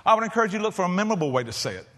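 A middle-aged man preaches to a large congregation. His voice sits high and he talks in a folksy, lively way, punching some lines loudly and then dropping to a quiet hush. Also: racing. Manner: lively, folksy, swinging between loud emphasis and soft hushed lines. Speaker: pastor. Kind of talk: sermon. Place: large church auditorium.

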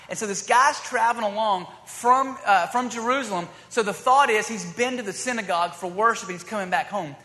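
A man's voice: sits high, sharp tone. A man preaching a sermon in a casual, conversational way, acting out the dialogue of the scripture he reads. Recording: long hall reverb.

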